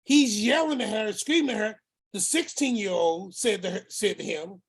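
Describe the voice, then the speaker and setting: A man's voice: high voice, moderate pace, slightly rough. A man telling a family story as the uncle in it, acting out each person's words and repeating phrases for emphasis. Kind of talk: storytelling talk.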